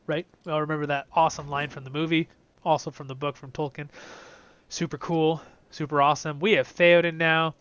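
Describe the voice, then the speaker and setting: Excitable young man commentating a game. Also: a little high, a little fast, smooth, no echo, dull audio. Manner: excitable, chatty, swings between loud and soft. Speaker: game video host. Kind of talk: casual gameplay commentary.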